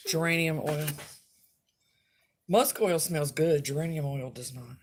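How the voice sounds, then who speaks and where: Blunt, low-voiced woman witch vlogging. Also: a little slow, long pauses, a little mellow. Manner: blunt and outspoken. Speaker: witch making spell oils. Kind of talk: casual vlog chat.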